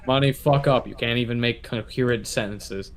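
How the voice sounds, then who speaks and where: A man's voice: mid-range voice, normal speed, crowd noise. A man running a tabletop game as dungeon master for his friends, talking bluntly and swearing freely.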